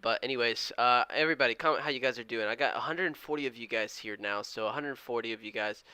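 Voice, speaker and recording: A man's voice: mid-range voice, quick pace, clear, resonant tone, no echo. A man live-streaming his day trading, chatting casually with viewers and keeping his voice down at home. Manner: chatty, reads out viewer comments and counts aloud; talking kind of quiet. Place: indoors at home.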